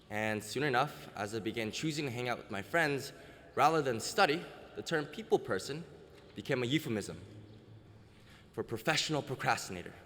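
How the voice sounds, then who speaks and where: A man's voice: medium pitch, a bit bright, a little hiss or hum. A young man giving a self-deprecating, wry comic speech as a student orator at an outdoor ceremony. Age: young adult. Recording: outdoor PA with long reverb.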